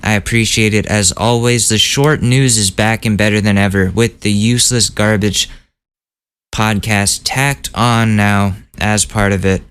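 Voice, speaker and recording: A podcast host with a fairly low voice talks through the news in a loose, casual monologue. He rants and cracks jokes, swearing freely as he goes. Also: steady tone, a little slow, a bit bright, smooth. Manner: ranting, profane, jokey.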